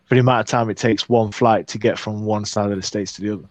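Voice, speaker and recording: A man's voice: on the low side, steady tone, fast, no echo. A man from the United Kingdom in casual chat, blunt and teasing.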